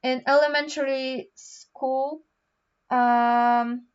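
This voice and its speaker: Speaking extremely slowly and smoothly, a teenage vlogger from Poland chats through her homework with many ums and restarts. Her voice is high-pitched and level in tone, and the recording's highs are cut off.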